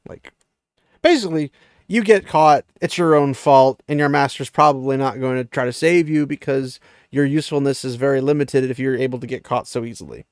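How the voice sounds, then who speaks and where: A man's voice: mid-range voice, a little fast, no echo, studio quality. A man chatting casually as he recaps a fantasy book, laughing at the story now and then.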